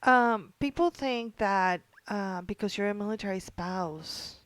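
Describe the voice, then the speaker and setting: A woman guest in a casual podcast interview, talking earnestly with frequent pauses and fillers. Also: mid-range voice, no room sound. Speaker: guest, founder of a military spouse group.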